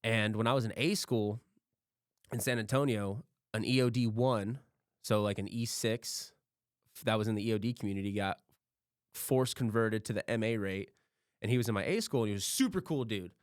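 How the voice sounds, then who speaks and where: A man's voice: fairly low pitch, moderate pace, no room sound, studio quality. A man hosting a podcast, telling a rambling story in casual chat, swearing freely and acting out what others said. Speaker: podcast host.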